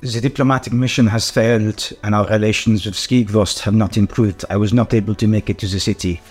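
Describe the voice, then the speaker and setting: A man voicing the reanimated severed head of a dead male envoy, reporting in a flat tone during a tabletop game. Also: on the low side, fairly quick, breathy edge. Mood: grave.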